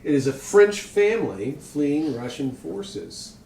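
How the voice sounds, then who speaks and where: A man narrating as game master, relaxed and rambling with fillers. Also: on the high side, slow pace, creaky, a little hiss or hum. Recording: echoey room, mic far off.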